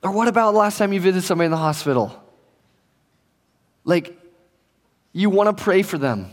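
A man's voice: high voice, expressive, brisk. Casual young man preaching in a hall. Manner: conversational, joking, acts out quoted voices. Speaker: pastor. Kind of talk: casual sermon to young people.

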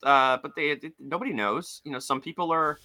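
A man co-hosting a podcast in casual chat, animated and swearing, jumping into high voices when he quotes people. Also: a little fast, dry recording. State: limping with a foot injury. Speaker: podcast co-host.

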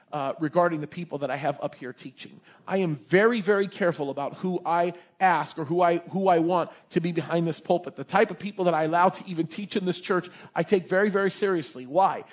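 A male pastor preaching a sermon in an animated, conversational storytelling manner. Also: sits high. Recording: dull lo-fi recording.

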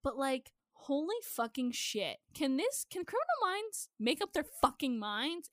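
A woman's voice: high-pitched, big pitch swings, unhurried, fairly bright tone, no room sound, clean studio sound. A woman with a Midwestern accent, co-hosting a casual chat show and ranting passionately with plenty of swearing. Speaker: podcast co-host.

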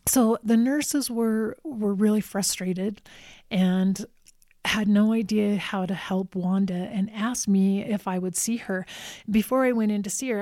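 A woman who visits a nursing home tells a personal story calmly and evenly, repeating words for emphasis. Her voice is mid-range, recorded in studio quality with no room sound.

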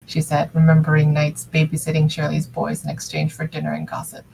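A woman's voice: low voice, completely flat delivery, a little fast, vocal fry, hardly any pauses, dark tone, slight background noise, rough recording. A woman narrating a fan fiction story aloud in a casual way, with small slips and restarts. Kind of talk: amateur story reading.

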